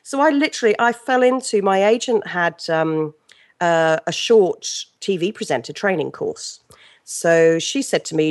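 A middle-aged woman with an English accent talks as an interview guest. Her voice sits slightly low, and she tells her stories in an animated, chatty way, restarting sentences as she goes. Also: unhurried. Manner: chatty, animated storyteller with frequent restarts and laughs. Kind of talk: casual interview chat.

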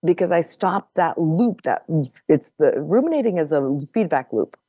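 A woman guest on a podcast telling a personal story in casual conversation. She is animated, laughs often and repeats words as she goes. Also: fairly low pitch, normal speed, breathy edge, dry recording, muffled recording.

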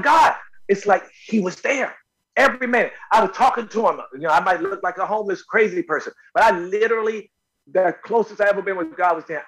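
A man from North Carolina, an actor interviewed as a guest, telling animated personal stories and often repeating words. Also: high-pitched, slightly rough, low-quality recording. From North Carolina, USA. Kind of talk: casual storytelling interview.

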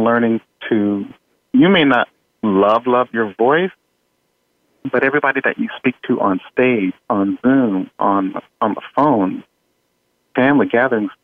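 A man, an audio engineer guest in an interview, talking in a relaxed way with frequent fillers and small laughs. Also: medium pitch. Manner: relaxed, chuckling, many fillers. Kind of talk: conversational interview. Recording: tinny phone-like line.

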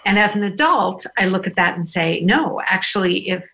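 A woman guest on a talk show, speaking thoughtfully and earnestly, with some halting restarts. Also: medium pitch, animated, bright, forceful tone, poor audio. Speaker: podcast host and guest. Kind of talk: casual chat.

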